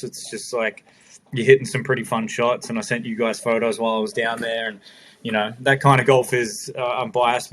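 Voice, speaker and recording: A man with an Australian accent chatting casually on a golf podcast, halting and full of fillers and restarts. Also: medium pitch, a bit bright, slight background noise. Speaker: podcast regular. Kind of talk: casual chat.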